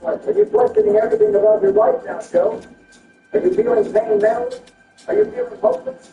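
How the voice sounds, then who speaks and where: A man performing a comedic skit over gameplay, switching between a deep bossy voice and high whiny ones. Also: huge pitch swings, fairly quick, warm tone. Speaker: gaming video creator. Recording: roomy, distant, dull sound with faint music.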